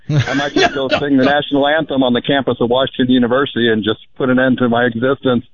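A man's voice: mid-range voice, little pitch movement, fast, few pauses. A male radio caller putting on mock grief, melodramatic and feigning sorrow, heard over a phone line. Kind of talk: mock-grieving prank call.

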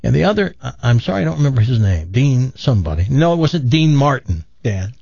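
Animated older man telling a story. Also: mid-range voice, fairly quick, creaky, husky, dry recording, muffled recording. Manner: animated, self-deprecating, acts out quoted voices. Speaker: guest telling his life story. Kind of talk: casual storytelling.

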